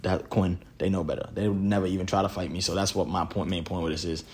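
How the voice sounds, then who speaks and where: A man's voice: sits low, quick pace. A man co-hosting a podcast, retelling a pickup basketball game in casual, profane slang. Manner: animated storytelling, profane slang. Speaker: podcast co-host. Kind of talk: casual chat.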